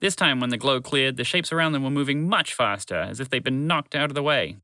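A man narrating a children's story to listeners in a gentle, unhurried, expressive way. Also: medium pitch, no echo.

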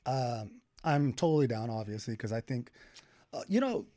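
A young man co-hosting a casual podcast chat, animated and swearing freely, laughing often. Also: mid-range voice, normal speed. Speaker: podcast co-host.

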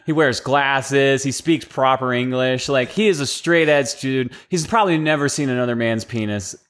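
A young man chatting casually on a podcast, rambling through a story full of "like" and quick acted-out quotes. He slides from high squeaky impressions to low deadpan ones as he tells it. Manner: animated storyteller acting out quoted voices, lots of "like". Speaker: podcast co-host.

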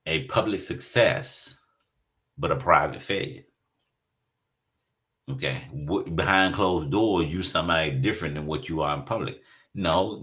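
Deep-voiced man preaching earnestly. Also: fairly bright tone. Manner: earnest, repetitive, preacherly emphasis. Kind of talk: sermon.

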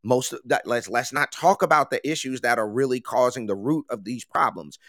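A man's voice: medium pitch, fairly quick, a bit bright, no echo, clean studio sound. A man co-hosting a political talk show, explaining meeting rules in an emphatic, lecturing way. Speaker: co-host. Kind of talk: political commentary chat.

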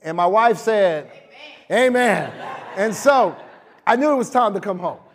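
A man preaching a sermon, telling a story with acted-out dialogue and sudden drops into soft, low tones. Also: lively intonation, unhurried, slight background noise. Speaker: pastor.

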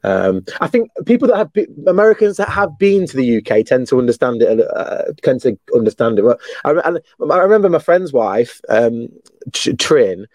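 A man's voice: medium pitch, very animated, normal speed, a little mellow, dry recording. A British man hosting a casual chat, chatty and often repeating words as he starts a thought. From United Kingdom. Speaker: host.

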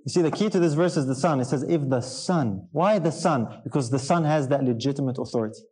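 A man's voice: medium pitch, fast talker, darkish tone, breathy edge, rough recording. A man preaching a sermon to a congregation in an earnest, emphatic way, often putting questions to his listeners.

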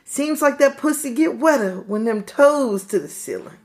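A woman co-hosting a casual chat and lyric guessing game, cursing, teasing and breaking into loud laughter. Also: high voice, animated, normal speed. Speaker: podcast co-host. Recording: loud background noise.

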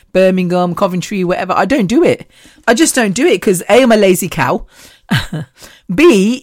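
A woman's voice: on the low side, no echo, studio quality. A woman hosting a podcast, talking in a gushing, chatty way and laughing often. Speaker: podcast host. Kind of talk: casual monologue.

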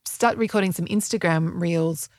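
Middle-aged woman host with a gravelly voice. Dry, close sound. Casual, rambling chat. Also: lowish voice, normal speed, a little mellow, no echo. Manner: chatty, rambling, many "like" fillers and self-corrections. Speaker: podcast host and health coach.

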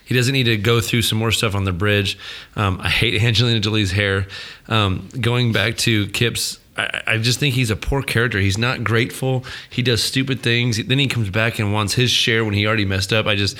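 Bright-voiced man rambling about a film. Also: fairly low pitch, steady tone, normal speed. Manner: rambling, frequent restarts and fillers. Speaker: podcast co-host. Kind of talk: casual movie review chat.

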